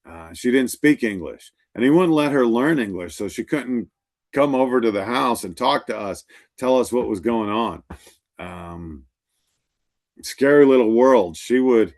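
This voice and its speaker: A man's voice: medium pitch, expressive, a little slow, a little mellow. Middle-aged man, instructor, classroom lecture, storytelling, acts out quoted lines.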